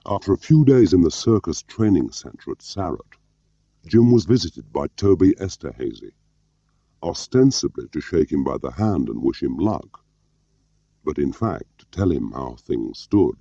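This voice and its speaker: A man reading a novel aloud at a measured, steady pace. His voice sits very low, with a gravelly edge and a dark tone. The recording is dry and slightly muffled. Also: no echo. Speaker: audiobook narrator. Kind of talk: scripted narration.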